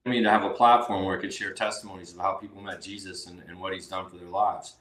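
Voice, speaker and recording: A man's voice: sits low, flat delivery, fast talker, a bit bright. A man hosting a faith interview show, eagerly sharing his own testimony in casual chat. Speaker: podcast host. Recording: roomy echoing room.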